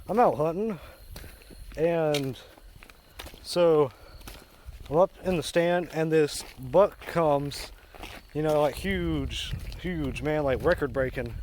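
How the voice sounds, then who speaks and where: A man telling pun jokes in a rambling, deadpan way while out on a walk, recorded on a phone outdoors. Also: fairly high pitch, slight background noise. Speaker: comedian. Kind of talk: casual joke-telling on a walk.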